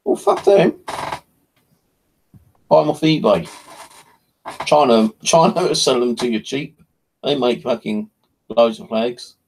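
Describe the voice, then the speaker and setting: A man's voice: mid-range voice, a little slow, long pauses, a little mellow, slight background noise, rough recording. A man, hosting his channel in a casual, rambling chat, blunt and full of swearing. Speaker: paranormal channel host.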